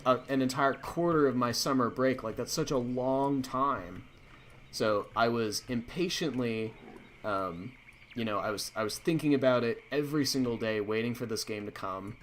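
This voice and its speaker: A man's voice: mid-range voice, slight background noise. A man hosting a livestream, telling a rambling story full of fillers. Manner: rambling, filler-heavy, animated anecdote. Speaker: stream host.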